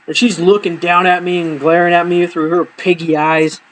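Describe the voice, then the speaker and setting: A man's voice: high voice, normal speed, a little hiss or hum, rough recording. Profane man telling comic true stories. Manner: profane, exaggerating, deadpan punchlines. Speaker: storyteller. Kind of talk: comedic personal storytelling.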